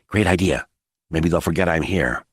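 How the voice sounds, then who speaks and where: A man's voice: deep voice, normal speed, husky, no echo, clean studio sound. A male narrator voicing a nervous, sarcastic young soldier who cracks jokes under pressure. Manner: sarcastic, jittery quips.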